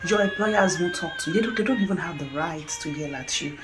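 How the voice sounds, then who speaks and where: Animated Nigerian woman vlogging. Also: fairly low pitch, fast talker, over music. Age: middle-aged. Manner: animated, laughing often, candid. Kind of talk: casual monologue.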